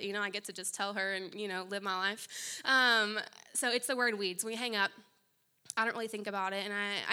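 Young woman preacher, lively storyteller, bright tone. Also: on the high side. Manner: animated storytelling with quick asides. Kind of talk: sermon.

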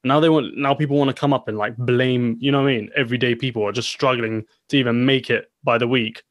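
A man's voice: medium pitch, fairly even intonation, fast talker, dry recording. An emphatic man co-hosts a casual podcast, pushing his points and leaning on filler phrases. The recording is dry and close, with no room sound. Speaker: podcast co-host.

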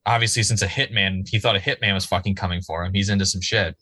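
A man's voice: deep voice, fast, husky, no echo. A man, casually and profanely talking through a TV episode as a podcast co-host, rambling with lots of "like"s. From Massachusetts. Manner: animated, profane, rambling with many "like"s. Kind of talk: casual chat reviewing a TV episode.

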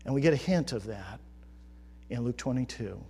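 Emphatic preacher in a reverberant hall. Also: male voice, mid-range voice, animated, moderate pace, vocal fry, slightly rough. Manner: builds from quiet reflection to loud emphatic questioning. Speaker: pastor. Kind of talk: sermon.

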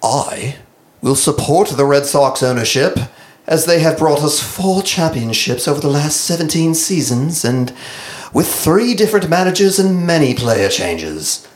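A man voicing a loyal male fan who earnestly defends a team's owners, in a raised, measured voice. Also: a little high, animated, roomy sound, voice pushed up.

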